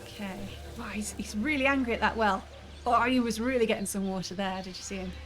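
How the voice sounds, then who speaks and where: A woman's voice: medium pitch, fast. A woman streaming a cozy building game, chatting with viewers and thinking aloud as she plays. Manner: chatty, musing aloud, frequent laughs. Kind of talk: casual gameplay commentary. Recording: game music playing behind.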